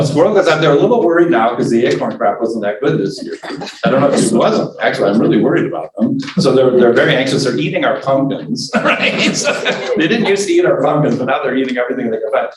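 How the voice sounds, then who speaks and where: A man's voice: medium pitch, distant mic, slight background noise. Man lecturing in a roomy church hall. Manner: conversational, asks "right?" often, mimics inner voices for effect. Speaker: adult forum teacher. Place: church meeting room. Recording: roomy church space, voice from off mic.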